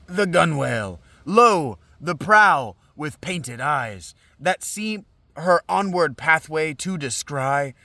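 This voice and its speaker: A man reading the lines of an old father warning his daughters, in a grave, measured way. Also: fairly high pitch, gravelly, sharp tone, no room sound, pitched above the performer's own voice, heavily acted. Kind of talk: dramatic reading of an old play.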